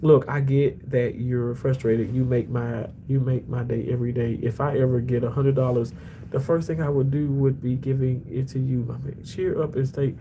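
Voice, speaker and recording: A man chatting casually on a livestream during his work shift, talking to and answering his chat in an animated way, his voice often leaping high. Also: normal speed, a little hiss or hum, low-quality recording. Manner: animated, often jumps high in pitch, restarts a lot.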